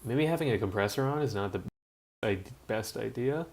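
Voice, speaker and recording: A man live-streaming casually from home, mumbling while adjusting his audio settings, his throat rough enough that he keeps clearing it. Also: mid-range voice, animated, normal speed, a little mellow. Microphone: built-in webcam or laptop mic.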